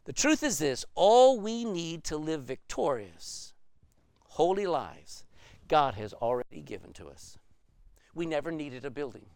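Animated preaching man, lively pitch. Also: clear, resonant tone, dry recording. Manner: emphatic preaching with rhetorical questions. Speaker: pastor. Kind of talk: sermon.

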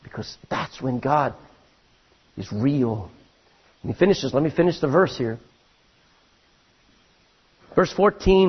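A man preaching a sermon, reading scripture aloud and swinging between loud emphasis and hushed asides. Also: on the high side, expressive, moderate pace, long pauses, husky, dull audio.

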